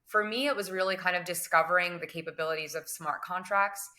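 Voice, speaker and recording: Bright, flat-toned businesswoman talking shop. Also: on the low side. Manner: measured, many fillers and hedging phrases. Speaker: guest, crypto business development director. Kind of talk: conversational interview answers.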